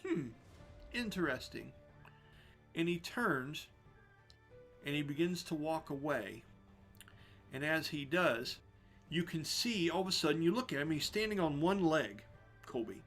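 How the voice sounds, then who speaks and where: A game master leads his tabletop session with a bright, forceful voice pitched a little high. His narration is lively and descriptive, full of laughter, with faint music under it. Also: measured pace, pauses often.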